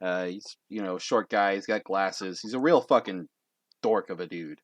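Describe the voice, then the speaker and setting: A man's voice: sits low, normal speed, no room sound. A young man narrating a tabletop game as game master, in a casual, rambling way full of fillers.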